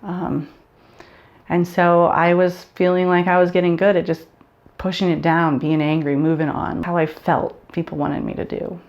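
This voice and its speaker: A woman's voice: fairly low pitch, little pitch movement, normal speed, highs cut off. A woman vlogger talking candidly to camera, earnest, often restarting and repeating words. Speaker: vlogger sharing grief story. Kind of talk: personal talk to camera.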